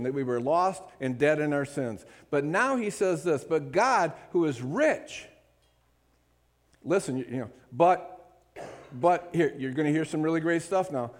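A man preaches a sermon with a somewhat high voice. He keeps checking in with the congregation and moves from loud, emphatic lines to hushed asides. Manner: call-and-response preaching, checks in with listeners. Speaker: pastor.

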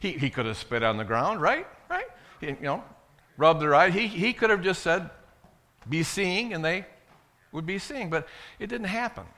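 A male preacher delivers a sermon with a lively, wide-ranging pitch. His voice is bright and forceful. He swings between loud, emphatic lines and hushed asides. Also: normal speed. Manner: animated, swings from loud to hushed, dramatic retelling.

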